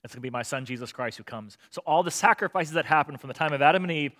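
A man preaching a sermon, lively and talkative, often checking in with the crowd with "right?" and acting out voices of the characters. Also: a little high, very fast. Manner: animated, acts out voices of God and children. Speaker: pastor.

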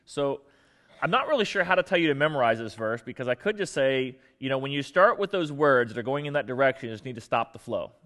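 A man's voice: medium pitch, animated, fast talker, a bit bright, long reverb tail. A man preaching a sermon and telling a funny personal story in a conversational, self-mocking way with many fillers. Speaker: pastor.

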